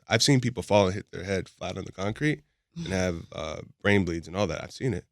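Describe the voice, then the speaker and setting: A man's voice: on the low side, expressive, a little fast, dry recording, studio quality. A middle-aged man chatting casually as a podcast guest, blunt and emphatic. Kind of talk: casual chat.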